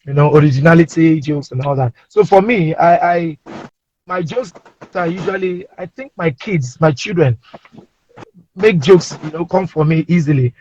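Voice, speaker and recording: A man with a Nigerian accent, a comedian telling playful anecdotes in an animated way, speaking from inside a car. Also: fairly high pitch, normal speed. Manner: animated, playful, acts out voices. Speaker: comedian guest. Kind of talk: casual anecdotal storytelling. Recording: dull lo-fi remote audio.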